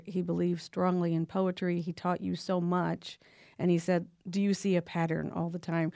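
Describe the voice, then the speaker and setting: A woman radio host asking earnest, measured interview questions. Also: lowish voice, gravelly, mellow, no echo, studio quality.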